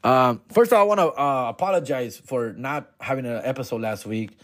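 Slangy, laid-back comedian host. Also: male voice, medium pitch, a little fast, no room sound, studio quality. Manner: laid-back, slangy, drops "fool" and "dog" constantly; mixes in Spanish slang. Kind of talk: casual podcast monologue.

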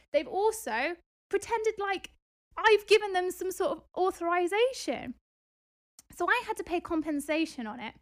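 A woman hosting a podcast, retelling a dispute in a casual, animated, indignant way with exasperated outbursts. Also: extremely high pitch. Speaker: podcast host and property investor.

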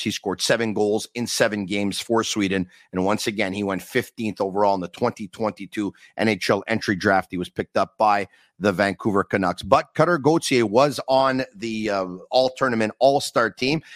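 A man's voice: on the low side, a bit bright, no echo. A man hosting a sports talk podcast, talking emphatically and repeating his points for effect. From Canada. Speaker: podcast host.

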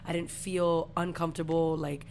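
A woman's voice: low voice, level tone, moderate pace, darkish tone, a little hiss or hum. A young woman in her twenties, co-hosting a podcast, telling a story in casual, profane slang. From Puerto Rican family. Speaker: podcast co-host.

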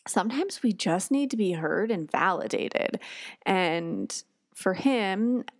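A woman's voice: medium pitch, expressive, takes it slowly, no room sound. A woman hosting a parenting podcast, talking casually and acting out quoted lines with sighs and exclamations. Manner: warm storytelling, acts out quotes with sighs and exclamations. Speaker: podcast host. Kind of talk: casual solo podcast talk.

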